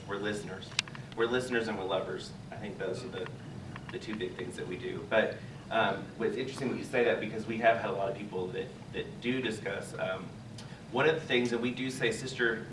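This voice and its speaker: A man speaking earnestly as a guest at a church panel, reflecting on listening and self-acceptance. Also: on the low side. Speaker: drag nun guest. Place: large echoey church sanctuary. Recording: echoey room, distant mic, background noise.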